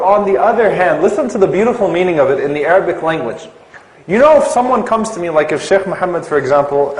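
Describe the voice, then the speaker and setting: A man's voice: high voice, roomy sound, low-quality recording. A man giving an Islamic lecture to a live audience, asking them questions and stretching out key terms for emphasis.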